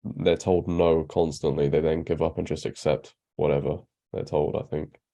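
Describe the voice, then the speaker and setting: A man's voice: rumbling low, little pitch movement, normal speed, vocal fry, dark tone. A man, co-hosting a podcast discussion in a blunt, opinionated way. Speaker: podcast co-host. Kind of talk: casual discussion.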